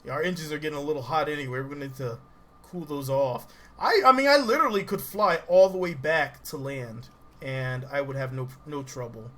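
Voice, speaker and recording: A man's voice: fairly high pitch, a little fast, fairly bright tone. A man from the Southern US giving casual livestream commentary while he plays a game, laughing often and greeting viewers in chat.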